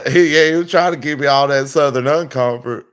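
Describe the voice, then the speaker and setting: A man's voice: on the high side, moderate pace, a bit bright. A man hosting a livestream, telling stories in a rambling, over-the-top way with lots of laughing. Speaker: livestream host. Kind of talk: casual livestream chat.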